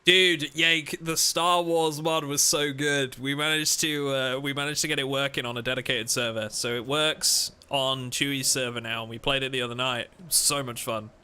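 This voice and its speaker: Male streamer, very bright and crisp voice, loose rambling banter with chat. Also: mid-range voice, steady tone, normal speed, hardly any pauses. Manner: rambling, self-interrupting, joking with chat. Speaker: game streamer host. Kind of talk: casual live-stream chat.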